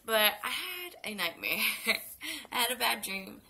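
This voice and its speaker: Young woman vlogger, just woke up and sick, sleepy rambling story time, bright voice, faint room hiss. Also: a little high, very animated, a little slow, vocal fry, low-quality recording. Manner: rambling with many fillers and restarts. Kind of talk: casual story time vlog.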